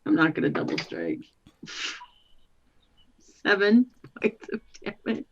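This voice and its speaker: A woman playing a tabletop game, giggly and playful. She speaks slowly. Her voice comes through a dull, muffled recording. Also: medium pitch, wildly swooping pitch. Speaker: player. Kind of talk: casual tabletop play.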